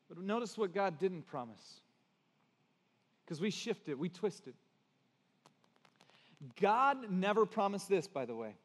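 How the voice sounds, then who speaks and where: A man preaching a sermon as pastor, earnest, moving between hushed and emphatic passages. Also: sits high, sing-song, a little slow, long pauses, in a large hall.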